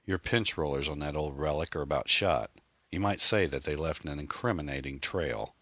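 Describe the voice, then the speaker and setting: A man reading a novel aloud, voicing a calm, matter-of-fact male detective. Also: a bass voice, normal speed, no echo, exaggerated voice.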